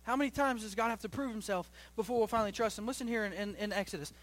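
Speaking very fast, a young man preaches a sermon to his congregation as their pastor. He alternates loud, climbing outbursts with low, hushed passages, often repeating phrases and starting them over.

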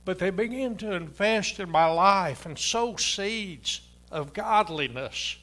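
A man's voice: sits high, lively intonation, takes it slowly, fairly bright tone. A man in his sixties, a pastor preaching a sermon in a church and telling personal stories in a folksy, chuckling way. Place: church sanctuary.

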